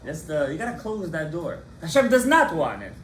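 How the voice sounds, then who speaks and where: A man, a rabbi, giving a lively Torah class to students in a study hall, animated and impassioned, calling on his students by name. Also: fairly high pitch, moderate pace, slight background noise.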